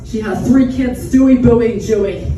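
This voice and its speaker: A woman plays a gushing, rambling fan whose put-on accent keeps drifting. She sounds loud and eager, recorded from a distant mic in an echoey room. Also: a little high, normal speed, noisy background, pitched above the performer's own voice, natural voice. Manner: rambling, giggly, loses her accent.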